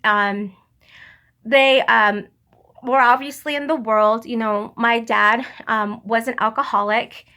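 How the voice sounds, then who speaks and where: Brief: young woman, bright higher voice, earnest and halting, emotional testimony. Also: steady tone. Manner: halting and earnest, many restarts and fillers. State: emotional, near tears. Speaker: vlogger sharing religious testimony.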